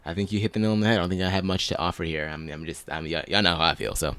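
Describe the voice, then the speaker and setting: A man's voice: low-pitched, steady tone, rapid-fire, fairly bright tone, clean tone. A young man co-hosting a podcast, chatting casually in an offhand, joking way and trailing off. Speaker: podcast co-host. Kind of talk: casual chat recapping a TV episode.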